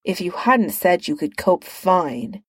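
A woman's voice: medium pitch, lively intonation, fairly quick, creaky, darkish tone, dry recording. A woman reading the lines of an earnest, protective male soldier hero, in a firm way.

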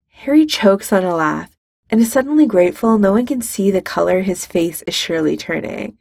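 A woman's voice: medium pitch, lively intonation, moderate pace, vocal fry, a little mellow, dry recording, studio quality. A woman reading fiction aloud in a wry, conversational narrating voice. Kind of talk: fan fiction audiobook reading.

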